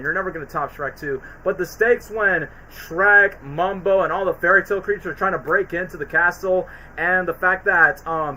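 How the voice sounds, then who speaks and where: A man's voice: high-pitched, sharp tone, poor audio. A young man hosting a casual livestream, rambling in slangy speech full of "like" and "bro". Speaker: streamer host.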